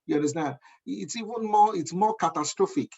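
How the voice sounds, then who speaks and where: A high-pitched yet darkish, husky voice with vocal fry belongs to a guest speaker in his thirties with a Nigerian accent, talking fairly quickly. His motivational talk is emphatic, punctuated by "do you understand?" The recording sounds dull and lo-fi.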